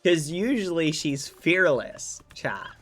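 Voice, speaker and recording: A man's voice: on the high side, very animated, slow, fairly bright tone, soft background music. A man streaming a game, chatting casually with his viewers and rambling through a story full of fillers, from his room at home. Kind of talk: casual gameplay stream chat.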